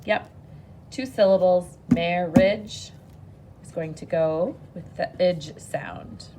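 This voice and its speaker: A woman teaching a phonics lesson to children on video, patient and encouraging, speaking slowly and clearly. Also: fairly low pitch, very noisy.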